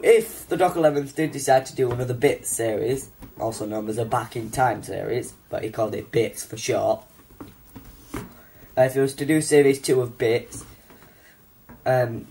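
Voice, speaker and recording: A man's voice: mid-range voice, dark tone. A young man hosting a homemade comedy talk show, hesitant and full of ums. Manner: hesitant, lots of ums and restarts. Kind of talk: amateur comedy chat.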